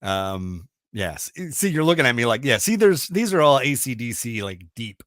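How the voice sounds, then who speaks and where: A middle-aged man hosts a radio talk show, chatting casually and rambling enthusiastically with plenty of fillers and restarts. His mid-range voice swings widely in pitch at a moderate pace, with a fairly bright tone in a dry, studio-quality recording.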